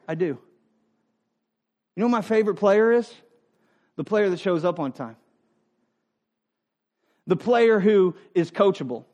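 A man preaching a sermon who speaks as a parent and coach, repeating phrases for emphasis and swinging between loud emphatic stretches and soft low asides. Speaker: pastor.

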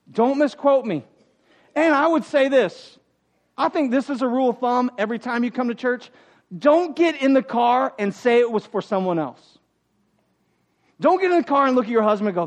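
Pastor, male, very high pitch, emphatic sermon delivery with humor. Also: animated, normal speed, pauses often. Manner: emphatic, preaching with rising intensity and humor. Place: church sanctuary.

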